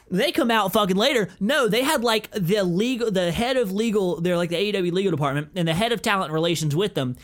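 A young man hosting a podcast, telling a story in a profane, rambling, excitable way. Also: sits high, quick pace, few pauses. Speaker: podcast host. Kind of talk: casual chat.

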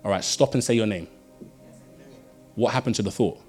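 A young man preaching a sermon, telling stories in an animated way and swinging between loud bursts and hushed lines. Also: lowish voice, moderate pace, soft background music. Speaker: pastor.

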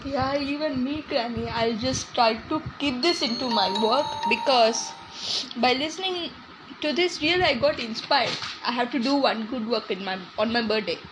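A woman's voice: sits high, moderate pace, noisy background, close to an everyday voice. A woman voicing an emotional young guest in his twenties who gushes with tearful thanks. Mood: moved, grateful. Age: 20s.

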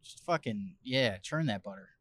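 A man's voice: fairly low pitch, lively intonation, moderate pace, no echo. A young adult man co-hosting a podcast in casual chat, crude and profane, trading joking insults. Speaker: podcast co-host.

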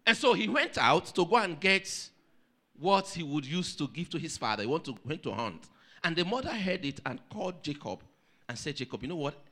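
Pastor guy preaching, highish voice, swoops up and down a lot, keeps asking the church questions. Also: normal speed. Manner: animated storytelling preacher, asks the congregation questions. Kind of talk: sermon.

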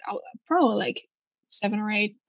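A young woman who is not a native English speaker, chatting in an animated way with lots of fillers and casual swearing. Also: mid-range voice, fairly quick, vocal fry, no echo. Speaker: conversation partner. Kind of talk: casual chat.

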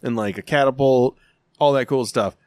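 A man in his thirties, chatting casually on a podcast, blunt and profane, telling stories with animated quoted voices. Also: mid-range voice, normal speed, dry recording, clean studio sound. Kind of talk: casual chat.

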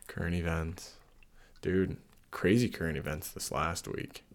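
Gravelly low-voiced podcast host. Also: male voice, steady tone, measured pace, noisy background. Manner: laughs often, teasing. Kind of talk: casual podcast chat.

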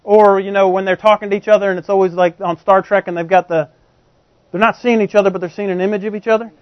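A man with a high, bright-pitched voice delivers a sermon, talking to his congregation like a friend and peppering it with rhetorical questions. The recording is dry and somewhat dull, with little room sound. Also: fairly even intonation, quick pace, dry recording. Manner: conversational, poses frequent rhetorical questions to the congregation. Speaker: preacher.

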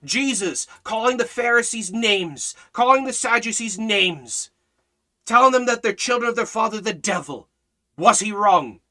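Guy preaching hard, bright sharp voice, gets loud then drops low, keeps asking was he wrong. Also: lively intonation, moderate pace. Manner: exhorting, repetitive rhetorical questions; swings between loud shouting and low intensity. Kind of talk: fiery sermon.

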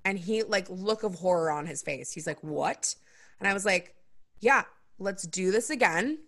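A young adult woman hosts a podcast and tells a story during a casual chat, voicing other people's lines with big leaps in pitch. Her intonation is lively, her pace moderate, and her tone a bit bright.

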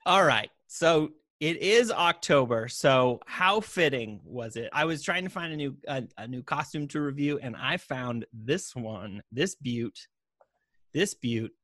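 A man's voice: medium pitch, expressive, unhurried, fairly bright tone, dry recording. A man co-hosting a podcast, chatting casually and laughing often as he reviews a product. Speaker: podcast co-host.

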